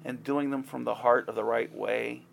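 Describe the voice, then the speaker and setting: A man's voice: medium pitch, steady tone, moderate pace, vocal fry, a little hiss or hum. A man preaching an informal sermon in a conversational way, growing heated and emphatic as he goes. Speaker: pastor.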